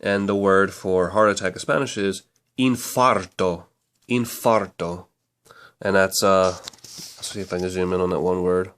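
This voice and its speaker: A man's voice: low-pitched, level tone, moderate pace, fairly bright tone, smooth. A man casually reviewing a language book, chatty and rambling, often correcting himself mid-sentence.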